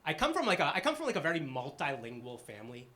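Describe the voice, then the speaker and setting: A young man from the Boston area doing a stand-up set on a live stage, with a halting, filler-heavy delivery and dry, self-deprecating punchlines. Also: fairly high pitch, huge pitch swings, pushed and bright. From Boston area, Massachusetts. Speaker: stand-up comedian. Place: live comedy stage with an audience.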